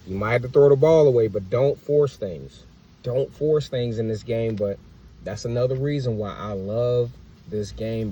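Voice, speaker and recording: A man's voice: fairly low pitch, dark tone, highs cut off, slight background noise. A man hosting a sports podcast, talking in a casual, emphatic way and repeating his points. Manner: emphatic, repetitive fan hype with rising outbursts. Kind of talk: casual sports commentary monologue.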